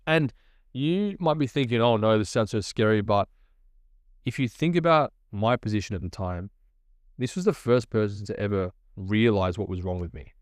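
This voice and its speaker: Man, testimony storyteller, lively and chatty, slightly low pitch, dry close sound. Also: normal speed, dry recording. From Australia. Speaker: person giving a testimony.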